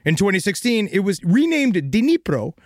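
High, lively man narrating. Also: moderate pace, dry recording, clean studio sound. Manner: jokey, theatrical, laughs often. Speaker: podcast host and narrator. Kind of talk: comedic true crime podcast narration.

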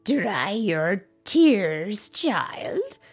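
A wise, kindly old woman speaks slowly and gently, with old-fashioned turns of phrase, as a woman reading a storybook puts her on. Her lilting voice rises and falls warmly, with soft music faint behind. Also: medium pitch, very animated, slightly rough, exaggerated voice. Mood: reassuring. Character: oldest Amish woman, wise and kindly elder.

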